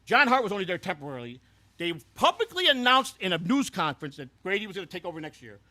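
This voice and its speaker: Talking fast in a sing-song, high-sitting voice that sounds pushed and bright, a man hosts a scripted comedy bit in full character. He's a boastful, crude former baseball clubhouse hand who rambles through tales and keeps tripping on repeated words.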